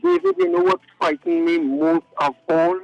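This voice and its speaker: Earnest, gravelly-voiced male radio caller. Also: fairly high pitch, huge pitch swings, moderate pace, no room sound, muffled recording, soft background music. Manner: earnest, emphatic, repeats key words. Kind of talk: phoned-in opinion on a talk show. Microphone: phone line to radio studio.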